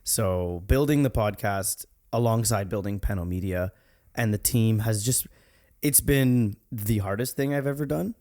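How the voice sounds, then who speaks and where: Man, podcast host, low voice, earnest, reflective, casual conversation. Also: unhurried, mellow.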